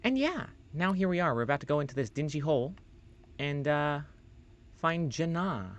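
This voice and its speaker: A man's voice: on the high side, expressive, moderate pace, lo-fi sound. Rambling man streaming a role-playing game. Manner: rambling and loose, swears casually; reads game text aloud. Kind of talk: casual gameplay commentary.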